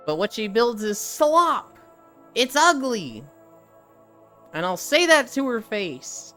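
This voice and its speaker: A live streamer telling a loose, rambling story and reacting to chat along the way. They swear freely and laugh often, and their pitch moves around a lot. Faint music plays underneath. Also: a bit bright.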